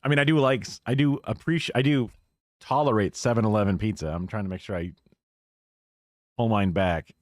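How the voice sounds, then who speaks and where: A man's voice: lowish voice, fairly quick, pauses often, dry recording, studio quality. A man streaming live, reacting to a video with rambling, musing remarks and profane asides.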